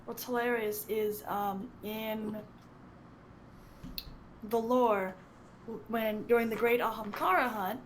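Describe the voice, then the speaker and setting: A woman guest on a podcast, chatting casually in a playful, apologetic way with quick giggles. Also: a little high, fairly even intonation, slight background noise.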